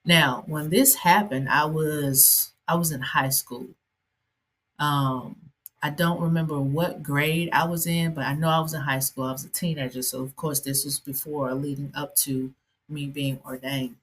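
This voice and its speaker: Low, husky-voiced woman telling her story. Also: steady tone, measured pace. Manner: conversational, with frequent fillers and asides. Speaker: podcast host and ordained minister. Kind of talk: personal storytelling monologue.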